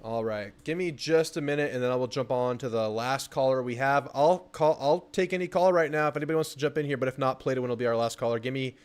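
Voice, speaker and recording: A man's voice: medium pitch, fast, hardly any pauses, clean tone. A man hosting a sports call-in show, talking casually with blunt, enthusiastic energy.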